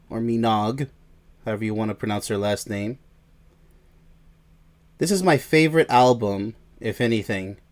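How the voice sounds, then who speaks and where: A man hosting a song review show, talking in a casual, rambling video monologue full of asides about himself. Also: fairly low pitch.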